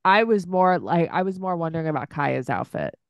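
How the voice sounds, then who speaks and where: A woman co-hosting a podcast in casual chat, quick to laugh and bantering playfully. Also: fairly low pitch, lively intonation, no room sound. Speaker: podcast co-host.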